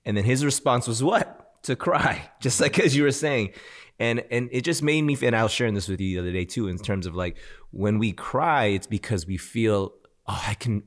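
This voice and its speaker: A man co-hosting a podcast, talking reflectively in a casual faith conversation, thinking aloud with restarts and laughs. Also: mid-range voice. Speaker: podcast co-host. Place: indoor studio at a shared meal.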